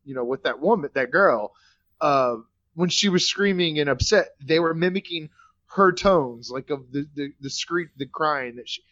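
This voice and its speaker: A man's voice: on the high side, normal speed, fairly bright tone, no room sound, dull audio. A man chatting casually, often hesitating and repeating words as he searches for them. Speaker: podcast co-host. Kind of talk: casual chat.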